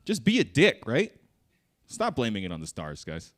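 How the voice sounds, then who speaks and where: A man's voice: medium pitch, moderate pace. Guy doing crude stand-up on a theater stage, swears a lot, mid voice, does little character voices. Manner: crude, profane, animated delivery with voiced bits. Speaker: stand-up comedian. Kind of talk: stand-up comedy set.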